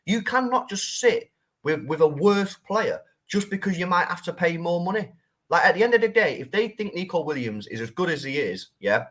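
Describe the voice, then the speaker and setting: A man on a football fan panel, arguing his point in an animated, insistent way. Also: fairly high pitch. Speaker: panel guest. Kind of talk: football opinion talk.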